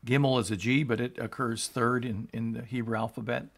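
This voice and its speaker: Gravelly-voiced male pastor teaching scripture. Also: mid-range voice, level tone, a little fast, fairly bright tone. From United States. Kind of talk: scripture reading and exposition.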